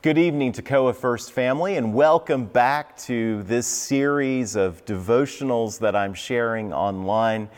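A man in his fifties, a pastor giving an online devotional sermon in a church sanctuary, telling stories in an animated way. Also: medium pitch, unhurried, few pauses, soft background music. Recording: reverberant sanctuary.

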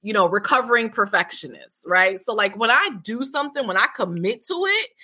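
A woman in her forties tells her own story as an interview guest, her voice bright and ringing. She talks candidly and animatedly, jumping her pitch up to act out what was said to her. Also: fairly quick, breathy edge. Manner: animated, acts out past dialogue with big pitch jumps. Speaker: interview guest, healing center founder.

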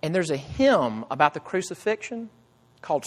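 Earnest male pastor preaching, slightly high voice, long hall reverb, swings from loud to hushed. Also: very animated, normal speed. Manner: earnest, builds to loud emphatic cries then drops to hushed low tones. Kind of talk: sermon.

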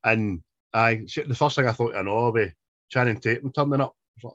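A man's voice: medium pitch, fairly quick, fairly bright tone, no room sound, dull audio. A man co-hosting a casual film review podcast, laughing often and quoting lines in put-on voices. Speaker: podcast co-host.

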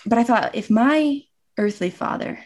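A woman's voice: on the high side, expressive, moderate pace, a little mellow. A woman in her thirties, a guest, earnestly telling a personal story in casual conversation and acting out remembered dialogue.

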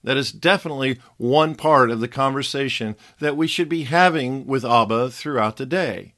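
A man reads a devotional Bible teaching in a steady, earnest way. His voice sits at an ordinary middle pitch, and he quotes scripture in a measured tone.

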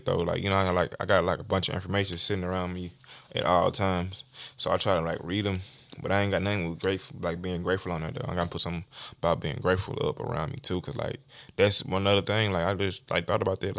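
Fast-talking young man, low voice. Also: creaky, a bit bright, no echo, studio quality. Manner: street slang, repeats "you feel me". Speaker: podcast host. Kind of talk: casual motivational monologue.

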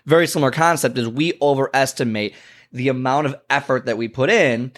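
A man coaching on fitness in a loose, conversational talk, his voice mid-pitched and ordinary in tone. He keeps checking in with "okay?" and "you know" and leaps up in pitch when he acts out both sides of a chat with a client. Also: a little fast. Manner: animated storyteller, acts out clients and himself with big pitch jumps. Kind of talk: casual talking-head advice.

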